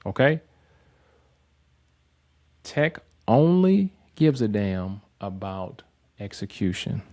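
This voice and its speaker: A man's voice: fairly low pitch, big pitch swings, takes it slowly, pauses often, dark tone. A man hosting a tech career channel, giving a blunt, profane motivational talk and mocking the people he describes. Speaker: host.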